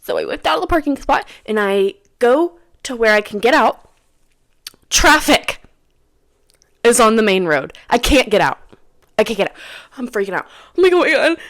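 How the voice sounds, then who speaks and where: A young woman hosting a casual podcast, retelling a story with lots of drama and repetition. Her pitch swings widely from line to line, and the recording is close and dry with no room sound. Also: normal speed, pauses often, no room sound. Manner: animated, dramatic retelling with sudden whispers and cries; repeats phrases for emphasis, says "dude" and "girl". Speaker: podcast host.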